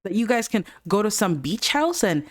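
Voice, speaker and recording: A woman's voice: medium pitch, big pitch swings, moderate pace, slight background noise, voice pushed up, natural voice. A woman voicing Tristan, a young man confronting his friend in a life-sim game, pushy and indignant with bro slang. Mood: accusing.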